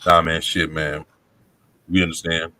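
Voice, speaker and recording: A man's voice: very deep voice, little pitch movement, a little slow, pushed and bright, a little hiss or hum. A man co-hosting a casual chat, rambling with lots of fillers and profanity. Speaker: co-host.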